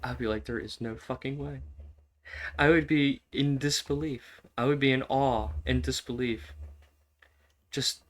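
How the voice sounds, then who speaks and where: A man's voice: mid-range voice, steady tone, a little slow. A man giving casual, swearing commentary while playing a strategy game, repeating himself and laughing often. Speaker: gaming streamer.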